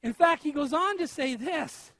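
A middle-aged man preaching a sermon, quoting scripture and swinging from hushed asides to loud, drawn-out stress. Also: very high voice, no echo.

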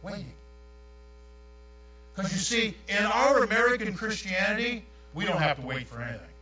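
An older man, preaching a sermon with folksy, animated storytelling. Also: high voice, normal speed, distant mic. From New York. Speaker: pastor. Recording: echoey room, dull sound, mains hum.

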